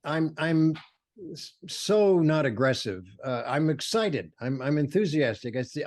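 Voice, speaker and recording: On the high side and a little mellow, this older man's voice is animated yet unhurried. He's a photographer telling stories in an interview, enthusiastic throughout, imitating quoted people's voices and using lots of fillers and restarts.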